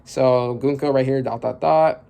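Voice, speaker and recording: Gravelly man rambling through a reaction. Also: medium pitch, fairly even intonation, unhurried, muffled recording. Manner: rambling, thinking aloud with many fillers and restarts. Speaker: manga reaction youtuber. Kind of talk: casual reaction commentary.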